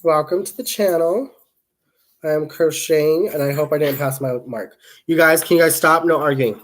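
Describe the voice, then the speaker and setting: A man's voice: a little high, normal speed. A young man hosting a casual crochet livestream, chatting in a rambling way, reading viewer comments aloud and counting stitches under his breath.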